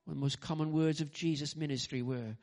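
Animated English preacher. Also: male voice, fairly high pitch, fast talker. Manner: animated, acts out quotes, frequent "you know" and restarts. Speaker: pastor. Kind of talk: sermon.

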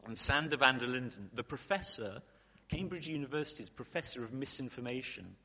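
A man preaching a sermon in a relaxed, conversational way, with fillers and asides to the congregation. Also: medium pitch, brisk. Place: church hall. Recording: long hall reverb.

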